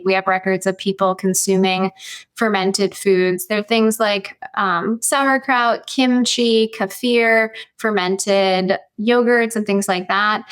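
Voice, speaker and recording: A woman naturopathic doctor on a podcast, explaining clearly and methodically, listing points step by step. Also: mid-range voice.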